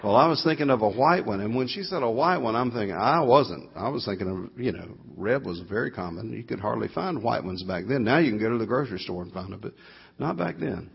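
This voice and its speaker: A low, gravelly middle-aged man with a drawl, rambling through a homespun story and correcting himself as he goes. His voice is husky, and the live church recording sounds dull and lo-fi. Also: lively intonation, fairly quick. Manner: folksy, meandering, self-correcting. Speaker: guest guitarist telling a story at a church concert.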